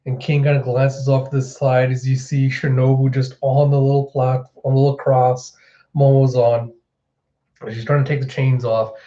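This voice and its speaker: A man's voice: mid-range voice, flat delivery, normal speed, warm tone, lo-fi sound. A man giving casual reaction commentary as a manga reviewer, retelling scenes and acting out lines.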